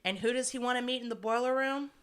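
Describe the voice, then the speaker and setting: A young woman co-hosting a podcast, recapping an episode in an animated, profane, casual way. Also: a little high, fast talker, clear, resonant tone. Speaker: podcast co-host.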